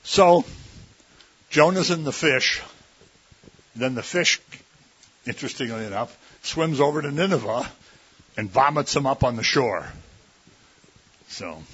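A man's voice: mid-range voice, fairly bright tone, slightly rough. A man preaching a sermon in a conversational, folksy way, often slipping into mimicked voices. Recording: dull lo-fi recording.

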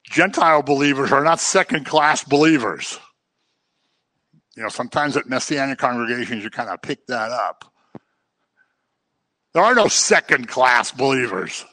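Speaking in a medium-pitched, sharp-toned voice on a dry recording, a man preaches a conversational sermon as a pastor. He teaches by acting out examples from daily life.

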